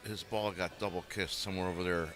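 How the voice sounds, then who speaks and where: A man co-commentating a pool match in a chatty, friendly way, trading quick banter. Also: sits low, steady tone, fairly bright tone, faint music behind. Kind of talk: casual live commentary.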